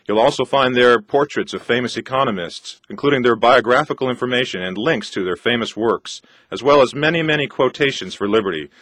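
A man, a radio host, reading a scripted promotion for his website in an earnest, deliberate way. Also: medium pitch, fairly bright tone, dry recording.

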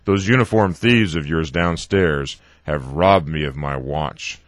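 A man reading the lines of an indignant old English sea captain, in a deep voice. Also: a little slow, no room sound, studio quality. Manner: indignant, outraged.

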